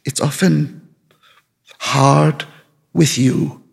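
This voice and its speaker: A man voicing a suspicious, hurt woman on the phone, speaking low, hoarse and soft, accusing then pleading. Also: steady tone, very slow, long reverb tail, heavily acted.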